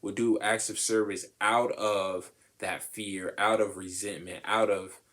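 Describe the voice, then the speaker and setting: A young man co-hosting a podcast, talking casually about relationships in an animated, slangy way, acting out the voices of people he quotes. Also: lowish voice, measured pace. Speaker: podcast co-host.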